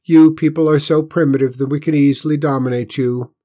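Cold, superior alien scouts, as a man reading a storybook puts them on, speaking higher and louder than the narrator. Every sentence comes out stiff and formal. The tone is condescending throughout. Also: fairly even intonation, brisk, lightly acted. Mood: haughty.

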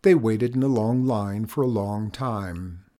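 A man narrating a children's storybook in a measured, expressive reading. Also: fairly low pitch.

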